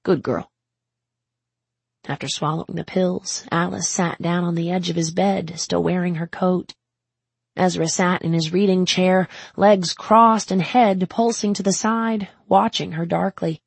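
A woman narrating an audiobook in a measured, even way. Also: on the low side, vocal fry, husky, no room sound. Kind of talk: scripted narration.

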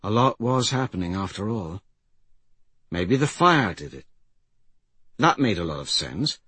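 A man narrating a fantasy story in a measured, grave manner. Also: on the low side, a bit bright, breathy edge, dry recording. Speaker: audiobook narrator.

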